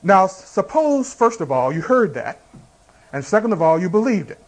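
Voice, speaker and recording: Pastor, male, high-pitched voice, preaches with rhetorical questions and everyday illustrations. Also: big pitch swings, normal speed. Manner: preaching with rhetorical questions and congregation call-outs. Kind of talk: sermon.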